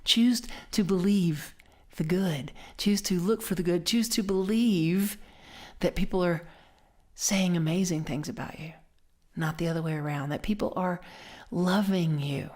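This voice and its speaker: A woman minister giving a conversational sermon, telling stories in an animated way and dropping to soft whispers for emphasis. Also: on the low side, a little slow.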